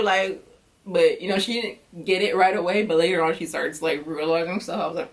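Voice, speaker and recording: An American woman talking casually in an animated, chatty way, acting out quick reactions as she tells stories. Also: lowish voice. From United States. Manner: animated, chatty storytelling with lively quoted reactions. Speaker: vlogger. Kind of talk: casual chat.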